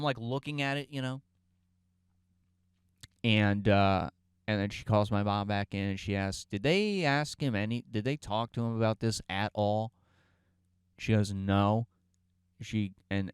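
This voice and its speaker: A man's voice: lowish voice, fairly bright tone, clean tone, no echo, clean studio sound. Profane, rambling man telling a story. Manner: profane, rambling with restarts, acts out quoted lines. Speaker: podcast storyteller. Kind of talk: casual comic anecdote.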